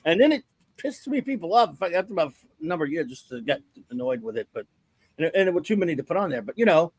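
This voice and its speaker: A man's voice: on the high side, very animated, fast, slightly rough, no room sound. A man joining a podcast in casual chat, wry and fond of mocking nicknames. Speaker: podcast guest.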